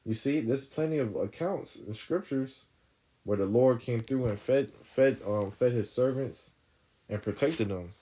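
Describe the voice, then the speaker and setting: A man's voice: medium pitch, unhurried, mellow. A man giving informal bible teaching, reading verses aloud and explaining them emphatically, often tagging his points with "right?". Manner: emphatic, keeps asking "right?" after each point. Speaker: scripture teacher.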